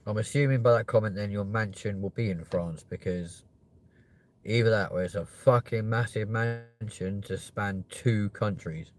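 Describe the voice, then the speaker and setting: A young man hosts a live stream, rambling casually and joking with viewers while swearing plenty. His voice is lowish and his speed normal.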